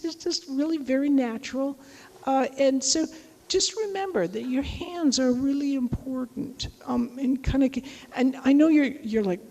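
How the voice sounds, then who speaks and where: A woman giving a casual, chatty lecture on teaching, animated and full of asides. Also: fairly high pitch, long reverb tail, rough recording. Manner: chatty, animated, acts out quoted voices. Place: lecture hall.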